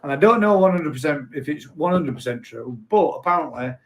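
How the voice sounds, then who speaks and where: A man's voice: a little high, animated, fairly quick, fairly bright tone. A man hosting a casual live stream, chatting and reading out viewer comments in a rambling, self-correcting way. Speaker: host.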